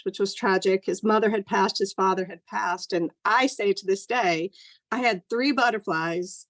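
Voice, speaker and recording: A woman's voice: medium pitch, dry recording. A middle-aged woman telling a personal story over a video call, earnest and rambling with lots of fillers. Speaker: guest sharing a personal story.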